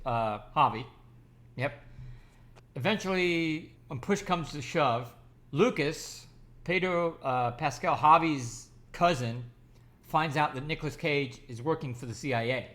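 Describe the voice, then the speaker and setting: A man's voice: fairly high pitch, a little slow, a bit bright. A man giving an enthusiastic, rambling movie review, talking casually with frequent restarts and fillers.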